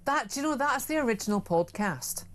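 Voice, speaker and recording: A woman's voice: fairly high pitch, animated, brisk. Chatty woman guest. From Glasgow, Scotland. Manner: chatty, opinionated, wry. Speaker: studio guest. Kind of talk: casual chat. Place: radio studio.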